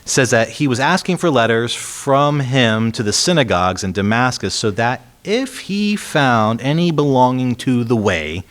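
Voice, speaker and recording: A man's voice: medium pitch, lively intonation, unhurried, few pauses, a bit bright. A man preaching a sermon in a conversational way, reading scripture aloud with emphasis and putting rhetorical questions to the congregation. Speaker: pastor.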